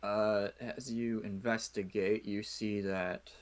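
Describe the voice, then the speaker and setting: A man with a lowish voice runs a tabletop game as game master. He narrates in halting bursts, stopping for uhs and starting sentences over as he describes the scene. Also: level tone. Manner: halting, many uhs and restarts.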